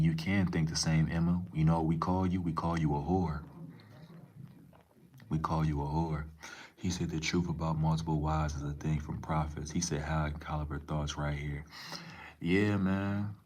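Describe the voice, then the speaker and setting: Very deep flat-voiced male streamer. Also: normal speed. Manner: profane, laid-back, rambling slang. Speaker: live streamer reading chat. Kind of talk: casual livestream chat.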